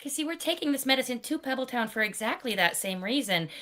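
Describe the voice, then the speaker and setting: A woman playing in a tabletop game, speaking in a measured, questioning way. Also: fairly high pitch, expressive, a bit bright. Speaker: player. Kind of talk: casual tabletop play.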